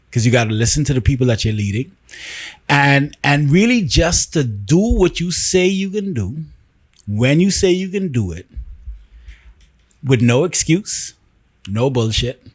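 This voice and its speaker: A man hosting a casual podcast, talking with animated, emphatic storytelling and frequent restarts. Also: mid-range voice, no room sound. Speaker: podcast host.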